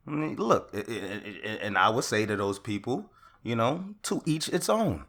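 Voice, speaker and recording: A young man hosting his own podcast, ranting in a casual monologue that swings from loud outbursts to calmer talk. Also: fairly low pitch, moderate pace. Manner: rants loudly, then calms down. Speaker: podcast host.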